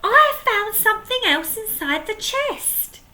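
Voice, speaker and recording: A woman voicing an excitable female pirate in a storybook reading, squealing with excitement. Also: very high voice, slow, pitched above the performer's own voice, exaggerated voice. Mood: excited.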